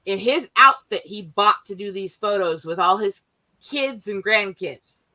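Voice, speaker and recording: Bright-voiced woman telling lively family stories. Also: medium pitch, unhurried, low-quality recording. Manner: animated, profane, laughing while telling family stories. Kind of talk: casual storytelling chat.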